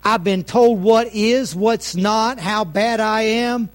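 Man preaching, high voice, folksy sermon, loud then hushed, middle-aged pastor. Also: slow pace.

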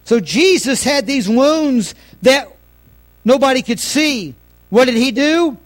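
A middle-aged man pastor preaching a folksy sermon, swinging between loud lines and hushed asides. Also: extremely high pitch, expressive, slow.

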